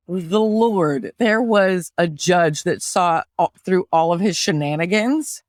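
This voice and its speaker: A woman's voice: fairly low pitch, slow pace, few pauses, no room sound, clean studio sound. A woman hosting a podcast, talking animatedly in casual chat with lots of fillers. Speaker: podcast host.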